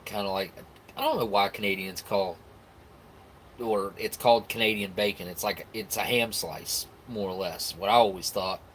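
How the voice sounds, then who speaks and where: Easygoing low-voiced live stream host. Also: male voice, fairly even intonation, moderate pace, fairly bright tone, slight background noise. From United States. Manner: rambling, easygoing, with frequent restarts and laughs. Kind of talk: casual chat reacting to viewer comments.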